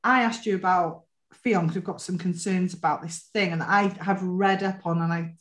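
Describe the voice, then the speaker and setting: A woman's voice: fairly low pitch, fairly even intonation. A woman from North Wales with a Welsh accent, hosting a casual chat podcast in a chatty, teasing way. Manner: chatty, teasing, quick to laugh. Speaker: podcast host. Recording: roomy echo.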